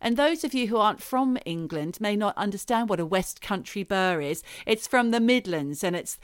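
A woman's voice: mid-range voice, lively intonation, normal speed, clean tone, no echo, studio quality. Chatty woman telling stories on a podcast. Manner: storytelling, chatty and playful. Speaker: podcast co-host. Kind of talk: casual chat.

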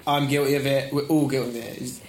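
A man's voice: medium pitch, little pitch movement, fast talker. A man hosting a casual football chat, joking and laughing often as he acts out quotes. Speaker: podcast host. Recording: echoey room with faint noise.

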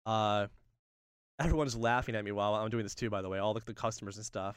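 A young man telling a funny story in casual chat, animated and laughing often, acting out the voices of the people in it. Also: lowish voice, fast talker, clear, resonant tone, dry recording, clean studio sound.

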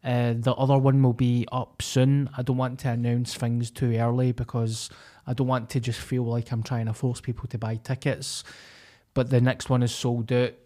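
Scottish male co-host, blunt and sweary banter, mid pitch, casual podcast chat. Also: little pitch movement, moderate pace, mellow.

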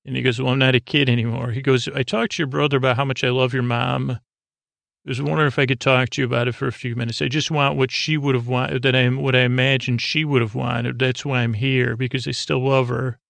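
Flat gravelly man rambling through a recap. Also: mid-range voice, brisk, no echo. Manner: rambling, hesitant, many fillers and restarts; paraphrases dialogue in a flat offhand way. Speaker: podcast host. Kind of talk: casual episode recap.

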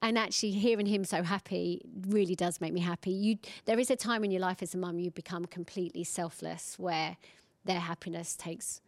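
A woman's voice: lowish voice, fairly even intonation, fairly quick, no echo. Chatty woman guest, dry close sound. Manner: chatty, warm storytelling, acts out quoted voices. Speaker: guest, singer. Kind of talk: casual interview chat.

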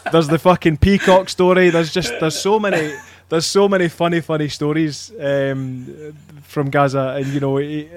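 A man on a casual fan podcast, telling stories in a chatty way, swearing freely and filling gaps with ums. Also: a little high. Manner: chatty storyteller, swears freely, many fillers. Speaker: podcast panelist.

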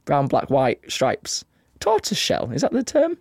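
A man's voice: on the high side, huge pitch swings, measured pace, creaky, a little mellow, no room sound, clean studio sound. A man co-hosting a podcast in casual chat, telling a story and laughing often. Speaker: podcast co-host.

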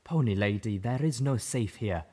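A man's voice: lowish voice, lively intonation, normal speed, warm tone, husky. A man voicing a starving, fearful zebra mare in an audiobook, her voice cracking and bitter. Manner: pleading, fearful. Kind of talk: audiobook character voice.

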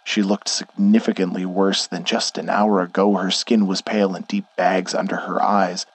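Low raspy guy reading a scary story, slow and deliberate, dry close mic. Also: flat delivery, dry recording. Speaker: narrator. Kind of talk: scripted horror narration.

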